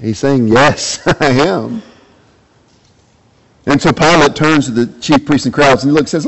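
A man's voice: a little slow, pauses often, a bit bright, rough recording. A man preaching a sermon, reading scripture and asking his listeners repeated rhetorical questions. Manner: rhetorical questions, acts out quoted lines with rising pitch. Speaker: pastor.

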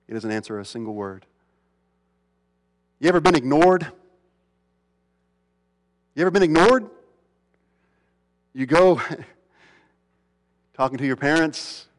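A man preaching a sermon as a pastor, asking rhetorical questions and swinging between loud emphatic lines and hushed ones. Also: fairly high pitch. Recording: long reverb of a large hall.

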